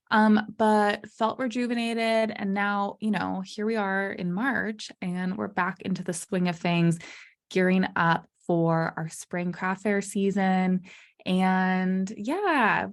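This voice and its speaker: A woman's voice: mid-range voice, slow pace. A young adult woman hosting her podcast alone, talking casually and candidly, with lots of fillers, and laughing her way through hard topics. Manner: chatty, many fillers like "you know" and "um". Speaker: podcast host. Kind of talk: solo podcast monologue.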